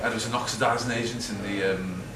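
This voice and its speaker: Fast but steady in tone, his voice on the low side, a middle-aged Liverpudlian guest speaker rambles through anecdotes for an event-hall audience. He mocks himself, chats freely, acts out quotes and often laughs. Background noise and hall echo come through a distant mic.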